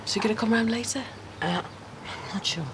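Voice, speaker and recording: A woman's voice: fairly high pitch, normal speed, background noise, lightly acted. An actress playing a firm, insistent mother in a soap opera. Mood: concerned. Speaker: mother and sister.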